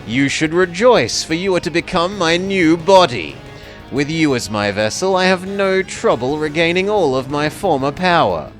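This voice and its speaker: A man's voice: fairly high pitch, expressive, moderate pace, soft background music, pitched above the performer's own voice, natural voice. A man voicing an ancient evil male skull spirit that hunts for a new body, reading the game's dialogue in grand, menacing proclamations. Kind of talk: reading game dialogue aloud.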